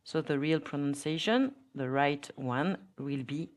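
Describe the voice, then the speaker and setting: A woman teacher with a French accent gives a podcast lesson in a low, unhurried voice. She models each word slowly and carefully so listeners can repeat after her. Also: animated. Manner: slow, careful, modelling words for repetition.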